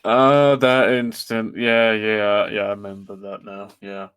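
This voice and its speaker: A man playing a tabletop role-playing game, talking in a slow, lively way and chuckling as he plays his character. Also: fairly low pitch, clear, resonant tone. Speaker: player.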